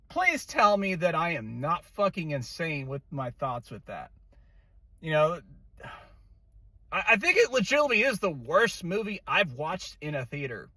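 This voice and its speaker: A man's voice: sits high, animated, moderate pace, bright, forceful tone, no echo. A man giving an exasperated, profane movie rant, full of swearing, fillers and restarts. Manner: rambling with many fillers and restarts. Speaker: movie reviewer. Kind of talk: angry casual rant.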